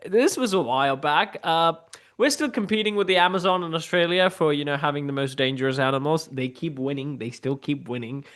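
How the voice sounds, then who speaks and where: A man from Sri Lanka doing a playful, animated stand-up set over a video call. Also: fairly high pitch. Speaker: stand-up comedian.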